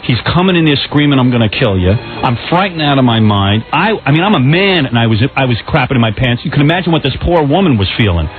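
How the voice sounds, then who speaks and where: A man's voice: medium pitch, quick pace, hardly any pauses, narrow, tinny audio, soft background music, close to an everyday voice. A man acting out a frantic, blustering witness on the stand in a comic talk-radio bit. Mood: frightened. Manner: excitable, blustering, swearing.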